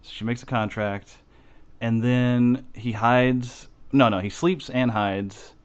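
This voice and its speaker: A man co-hosting a casual chat show, rambling through a profane, animated retelling. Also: medium pitch, slow, clean tone, muffled recording. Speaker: podcast co-host.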